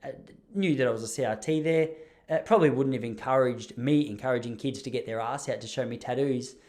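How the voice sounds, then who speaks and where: A young Australian man telling a story on his podcast in a loose, chatty way. He is self-deprecating and laughs at his own stories. His voice sits at an ordinary middle pitch. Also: a little fast, a little mellow. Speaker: podcast host. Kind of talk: casual storytelling monologue.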